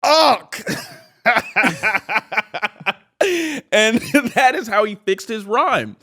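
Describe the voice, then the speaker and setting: A podcast co-host in his thirties recaps an episode in casual conversation, speaking at a measured pace in a high voice. He's animated and acts out the quoted lines.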